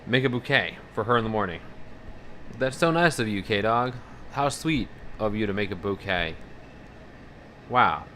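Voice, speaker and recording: Casting note: male streamer, lowish pitch, bright edge, rambling casual chatter with a faint hum behind. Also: unhurried, long pauses. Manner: rambling, profane, animated about fears. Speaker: livestreamer. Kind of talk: casual live-stream chat, reading out viewer messages.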